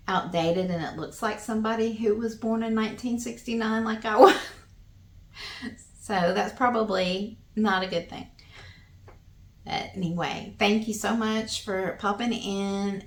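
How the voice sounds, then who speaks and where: A woman in her fifties with a Southern US accent, talking to her viewers in a halting, earnest, homespun way. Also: medium pitch, roomy sound. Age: 50s. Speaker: vlogger. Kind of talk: casual talk to camera.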